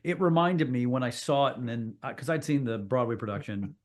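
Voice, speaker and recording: A middle-aged man from Kentucky with a Kentucky accent, an actor chatting as a podcast guest, telling animated stories and swearing freely. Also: mid-range voice, a little fast. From Kentucky, USA. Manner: animated storytelling with frequent swearing. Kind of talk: casual interview chat.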